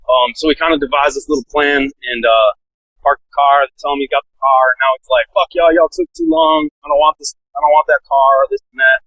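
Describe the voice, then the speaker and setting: Laid-back man, higher voice. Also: steady tone, fairly quick, fairly bright tone, no echo, poor audio. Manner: laid-back, lots of "like" fillers, laughs while telling. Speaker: podcast guest, SWAT officer. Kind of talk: casual storytelling.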